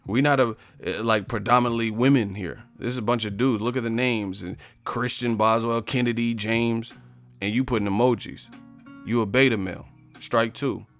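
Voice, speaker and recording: A brash male livestream host who mocks his chat, swearing freely and firing challenges at the viewers. His voice sits at a middle pitch, with faint music playing behind him. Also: fairly even intonation, moderate pace, a bit bright. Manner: confrontational, profane, mocking. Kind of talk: live-stream chat, roasting commenters.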